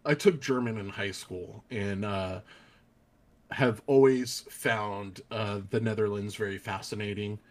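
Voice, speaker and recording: Male podcast host, young, low-pitched, halting casual delivery. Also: fairly even intonation. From United States. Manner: hesitant, many ums and restarts. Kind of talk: casual chat.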